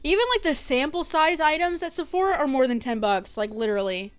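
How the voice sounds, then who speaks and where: A woman's voice: sits high, brisk. A young woman streamer chatting casually and gossiping, swearing freely as she talks. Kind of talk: casual live-stream chat.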